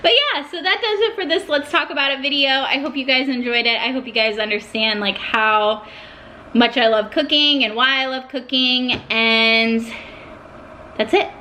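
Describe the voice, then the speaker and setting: Young woman vlogger, candid and heartfelt, fairly high bright voice. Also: normal speed, slight background noise. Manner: heartfelt, emotional at times. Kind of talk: casual talk to camera.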